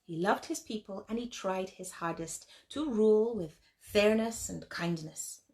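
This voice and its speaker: Speaking unhurriedly in a mid-range voice, a woman tells a children's story with animation and expression, frequently addressing her listeners directly.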